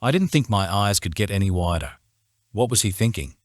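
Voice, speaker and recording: A man narrating a romance audiobook in the first person, steady and measured. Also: fairly low pitch, dry recording, studio quality.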